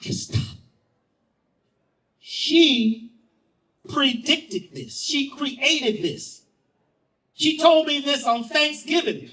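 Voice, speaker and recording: A man telling a personal story as a spoken-word performer, theatrical, swinging from loud lines to hushed ones and repeating phrases for effect. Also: very high voice, animated, extremely slow, pauses often, distant mic, low-quality recording.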